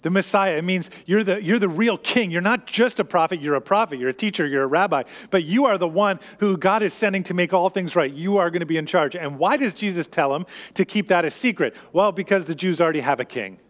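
A man's voice: high voice, brisk, few pauses, long reverb tail. A man preaching a sermon, explaining scripture in a conversational teaching manner with frequent restarts. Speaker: pastor.

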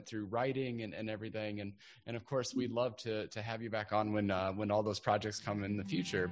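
A man hosting a podcast, wrapping up an interview in an effusive, enthusiastic way. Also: on the low side. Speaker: podcast host.

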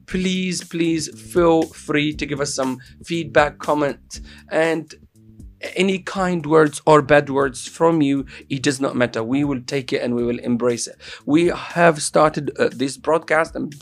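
A man's voice: fairly high pitch, a little slow. A man hosting a casual live stream from a studio, playful and upbeat as he plugs a sponsor. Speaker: host.

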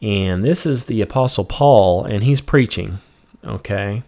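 Man, lowish voice, casual Bible teacher, reads a verse then explains it simply, says "you know" a lot. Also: measured pace. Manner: reads scripture then paraphrases it plainly; relaxed, with fillers like "you know" and "um". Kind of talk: casual Bible study talk.

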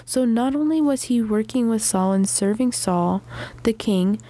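A woman's voice: a little high, a little slow, dark tone. A woman hosting a casual faith podcast, retelling a Bible story in chatty, conversational talk and reading scripture passages aloud. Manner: conversational, chatty paraphrasing with frequent "like"; reads scripture passages aloud between comments. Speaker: podcast host.

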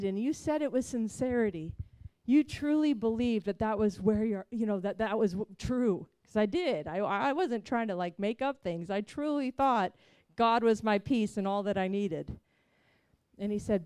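Woman, heartfelt testimony sermon, smooth resonant tone, dry close sound. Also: medium pitch, normal speed, a little mellow, no room sound. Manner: earnest, heartfelt storytelling. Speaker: preacher sharing a mission testimony.

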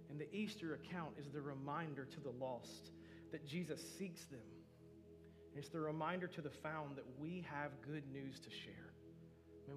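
A man in his thirties preaching a sermon as pastor, earnest and storytelling, often saying "man". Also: a little high.

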